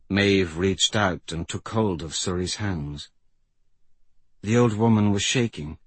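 Male narrator, audiobook, slow measured reading, husky, dry recording. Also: no echo. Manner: slow, measured, low storytelling.

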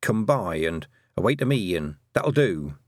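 A man's voice: sits low, very animated, unhurried, dry recording, studio quality. A man voicing a stubborn young farm girl in an audiobook, talking in an earnest, insistent, slightly defiant way. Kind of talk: audiobook character voice.

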